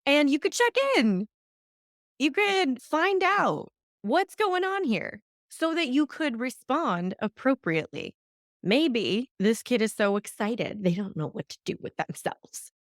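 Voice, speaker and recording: A woman hosting a solo podcast, teaching in an animated way and acting out the voices she quotes. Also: sits high, a little slow, no echo, studio quality. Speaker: podcast host.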